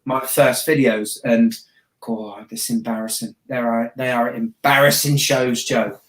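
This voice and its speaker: A man from Southampton with a Hampshire accent, a watch YouTuber chatting casually as a guest, joking and laughing, often trailing off quietly. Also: medium pitch, steady tone, a little slow. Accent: Hampshire English. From Southampton, England. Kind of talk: casual interview chat. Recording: echoey room.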